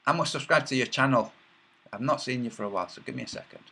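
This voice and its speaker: A man's voice: medium pitch, animated, quick pace, vocal fry, sharp tone, a little hiss or hum. A man hosting a casual livestream, reading chat messages aloud in a rambling, mocking way with many filler sounds.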